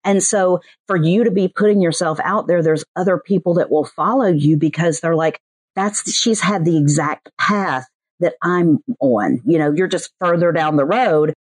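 A woman with a Southern US accent, a podcast producer chatting in an interview and slipping into quick voiced asides. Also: sits low, breathy edge, dry recording. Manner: chatty, animated, mimics other people's voices in quick asides. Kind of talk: casual interview chat.

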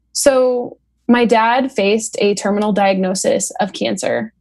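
A woman speaking on a podcast in an earnest, reflective way, taking slow, deliberate pauses between phrases. Her voice sits at an ordinary middle pitch. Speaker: podcast guest, founder of athlete program. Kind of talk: heartfelt podcast conversation.

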